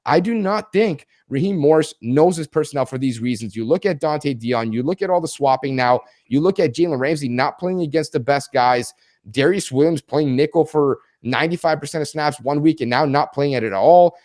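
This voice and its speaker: A man's voice: a little high, fairly quick, darkish tone, no room sound, studio quality. A man hosting a sports podcast, giving an emphatic, frustrated breakdown of a game backed by stats. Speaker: podcast host. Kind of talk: sports analysis podcast chat.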